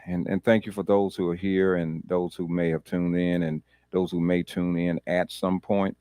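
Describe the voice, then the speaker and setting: A man's voice: deep voice, mellow, no echo, studio quality. A man pastor leading a Bible study, talking conversationally, repeating words and laughing easily.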